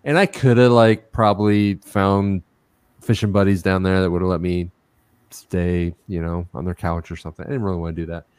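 A man co-hosting a podcast, telling a rambling, excited story in casual chat with some self-mockery. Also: low voice, a little fast, clean tone, no room sound. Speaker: podcast co-host.

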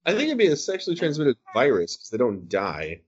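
A man's voice: mid-range voice, wildly swooping pitch, brisk, breathy edge, dull audio. A man in his thirties chatting casually on a call, joking and rambling with a self-deprecating streak. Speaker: podcast host. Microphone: phone call.

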